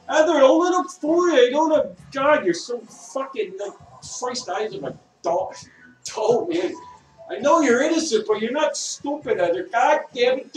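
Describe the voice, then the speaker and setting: A man in a bar, ranting in a rambling, profane way and breaking into shouts at times. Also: sits high. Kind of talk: rambling casual rant. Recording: echoey room, distant mic, faint music.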